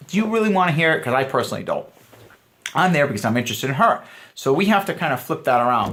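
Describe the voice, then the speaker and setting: Man, dating coach, emphatic and earnest, talking to camera, mid-pitched voice. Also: sing-song, fast, a bit bright. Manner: earnest and emphatic, addressing viewers as guys. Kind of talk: direct-to-camera coaching talk.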